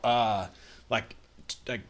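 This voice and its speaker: A man's voice: fairly low pitch, fairly even intonation, takes it slowly, a bit bright. A man, co-hosting a podcast in easygoing casual banter. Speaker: podcast co-host. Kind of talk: casual chat.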